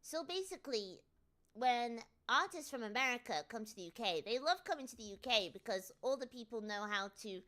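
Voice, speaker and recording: A British woman chatting playfully on a live stream, full of jokey asides. Her voice is bright and sits a little high. Her pitch swings widely as she talks. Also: expressive, fairly quick. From Britain. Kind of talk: casual live-stream chat.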